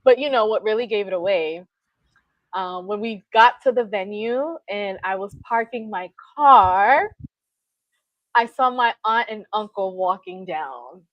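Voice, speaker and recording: A woman co-hosting a podcast, telling a story in casual chat with animated laughter. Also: medium pitch, measured pace, dry recording, lo-fi sound. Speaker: podcast co-host.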